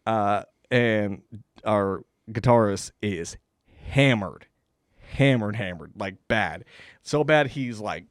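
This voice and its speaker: A young man spins a rambling story on a comedy podcast, swearing freely and breaking into laughs. His voice sits low, and it is recorded close on the mic in a dry, dead room. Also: slow, dry recording. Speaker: podcast host. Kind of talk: casual storytelling.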